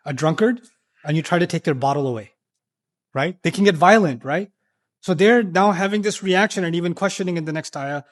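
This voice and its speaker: A man with a high-pitched voice lectures on scripture before a live audience. He is animated and conversational, and he keeps asking rhetorical questions and slipping into the voices he quotes. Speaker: Islamic lecturer.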